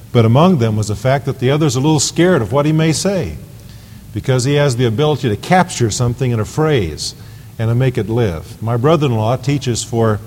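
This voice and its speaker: A man's voice: mid-range voice, darkish tone, a little hiss or hum. A man preaching a sermon to his congregation, pushing his voice up on key phrases. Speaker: pastor. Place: church sanctuary. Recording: hall reverb in a church.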